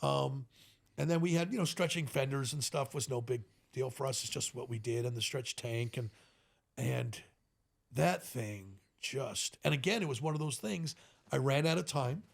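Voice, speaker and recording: A middle-aged man, a custom motorcycle builder, telling animated stories as a podcast guest and often laughing between them. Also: medium pitch, normal speed, creaky. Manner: animated, tells stories with quoted voices and frequent laughs. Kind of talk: casual storytelling in a podcast interview.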